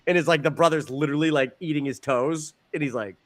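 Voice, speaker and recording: New dude on a podcast, kinda high voice, swears a lot, trips over his words telling stories. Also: quick pace. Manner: profane, animated storyteller who repeats words. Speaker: podcast co-host. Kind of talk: casual podcast chat.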